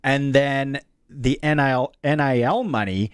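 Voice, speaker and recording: A man's voice: mid-range voice, clear, resonant tone, no room sound. A man hosts a sports talk radio show, chatty and loose, filling gaps with ums. His mid-range voice sounds dry and close in the studio. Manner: chatty, lots of ums and quick asides.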